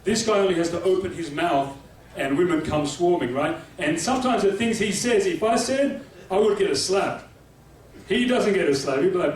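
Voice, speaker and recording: A man's voice: high voice, fairly quick. A man doing a stand-up comedy set on a club stage, chatty and punchy, constantly checking in with the crowd. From Australia. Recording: echoey room taped from far off with crowd noise.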